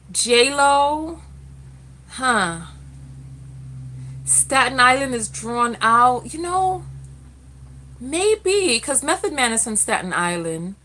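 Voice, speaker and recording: Lively, bright-voiced woman from the Bronx. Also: on the high side. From the Bronx, New York. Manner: chatty, laughs often, reads viewer comments aloud. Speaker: live stream host. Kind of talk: casual live call-in chat.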